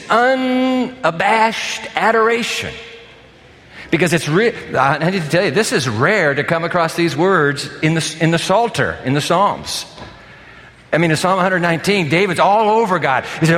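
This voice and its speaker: An older man preaching a sermon in a church, with animated, conversational emphasis. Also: a little high, normal speed, big-room sound. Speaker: pastor. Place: church sanctuary.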